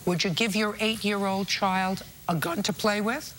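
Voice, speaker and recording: A sharp-tongued woman judge hands down her rulings in a TV courtroom. She scolds bluntly, with open sarcasm, and cuts people off. Her pitch sits in the middle of the usual range. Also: steady tone, moderate pace, slight background noise. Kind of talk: courtroom judgment. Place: TV courtroom set.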